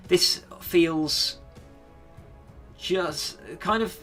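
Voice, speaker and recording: A man runs a tabletop game as game master, describing the scene slowly with many pauses and fillers. His voice is bright, with faint music underneath. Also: high-pitched.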